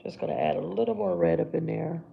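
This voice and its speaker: A woman's voice: deep voice, fast talker, creaky, narrow, tinny audio, slight background noise. A woman hosting a casual makeup livestream, chatting to viewers as she works on her brows. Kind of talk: casual live makeup chat.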